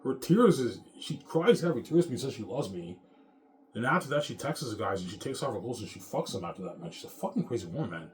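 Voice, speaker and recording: A man in his thirties rants to camera in a bitter, rambling and profane way. He talks very fast in a lowish voice. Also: lively intonation, slight background noise. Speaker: vlogger. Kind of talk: casual rant to camera.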